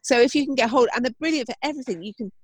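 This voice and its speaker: A woman's voice: high voice, rapid-fire, breathy edge, dry recording. A woman co-hosting a podcast, chatting enthusiastically. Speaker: podcast co-host. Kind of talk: casual chat.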